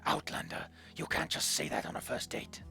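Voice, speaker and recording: A streamer voicing a gruff young female dark elf artist, speaking curtly in a gravelly whisper. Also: normal speed, faint music behind, close to an everyday voice. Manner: curt, guarded.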